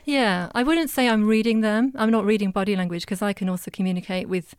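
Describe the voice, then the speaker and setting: A woman speaks calmly and earnestly, her voice smooth and clear. She sounds close and dry, with no room around her. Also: medium pitch, quick pace, dry recording. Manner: calm, earnest, explanatory. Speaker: animal communicator guest. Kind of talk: casual chat.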